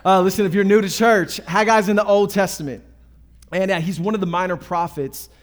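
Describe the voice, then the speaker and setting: A man's voice: high-pitched, fairly quick. A man preaching a sermon as pastor, emphatic and conversational, repeating phrases and calling out to the congregation.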